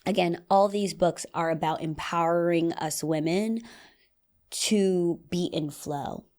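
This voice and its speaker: A young adult woman hosting a solo podcast in casual, animated talk, acting out little scenes in playful voices. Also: on the low side, takes it slowly. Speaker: podcast host.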